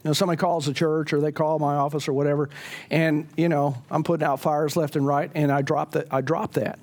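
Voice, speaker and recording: A man's voice: on the high side, level tone, brisk, a little mellow. A man, a pastor, leading a church Bible class in a conversational way, often putting questions to the group.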